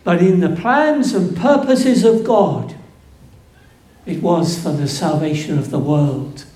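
A man preaching a sermon, slow and emphatic, building to fervent peaks. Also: high-pitched, dark tone. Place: church. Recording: echoey church room.

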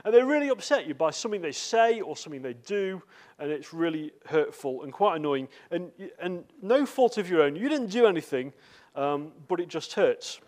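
A man's voice: on the high side, animated, normal speed, a little mellow. A man preaching in a church with a slightly raised voice. He speaks in a loose, chatty way, full of asides and little fillers as he addresses the congregation. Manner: conversational, with frequent fillers and asides. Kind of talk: sermon.

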